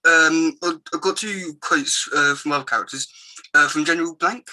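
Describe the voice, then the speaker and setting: A man interviewing, asking his questions hesitantly with many pauses. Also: a little high, pushed and bright, rough recording.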